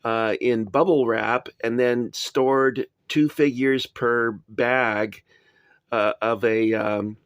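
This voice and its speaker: A man talks through a collection of painted toy soldiers in a loose show-and-tell way, stopping often on "uh" and "um" and slipping in dry little jokes. His voice sits at an ordinary middle pitch, and the sound is close and dead, with no room around it. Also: no echo. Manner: rambling, chatty, frequent uh and um, dry asides. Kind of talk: casual show-and-tell review.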